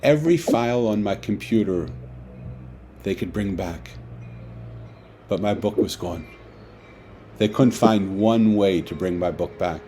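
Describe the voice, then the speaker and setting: A man, an author, telling a personal story in a lively way and acting out the dialogue, over a video call. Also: on the low side, a little slow, pauses often, soft background music. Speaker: author guest. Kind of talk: storytelling talk.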